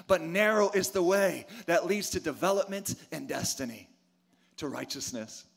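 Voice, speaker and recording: His voice sits a little high and sounds creaky and husky, moving at normal speed. This middle-aged pastor preaches with emphasis, throwing out rhetorical questions and drawing responses from the congregation.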